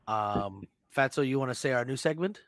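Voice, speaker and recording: A man hosting a podcast, telling a swearing, animated story in casual chat. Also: medium pitch, normal speed, dry recording, studio quality. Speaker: podcast host.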